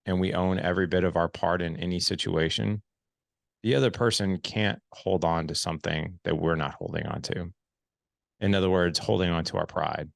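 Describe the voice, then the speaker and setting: Deep, gravelly-voiced man hosting a podcast. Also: no echo, clean studio sound. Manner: earnest, reflective, with frequent restarts and repeated words. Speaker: podcast host. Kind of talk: podcast conversation.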